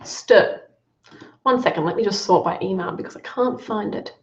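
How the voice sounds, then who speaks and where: In a lo-fi recording that sounds roomy and dull, a woman speaks at a moderate pace with a medium-pitched voice. She's a business coach leading a live online Q&A, encouraging students with positive feedback on their work.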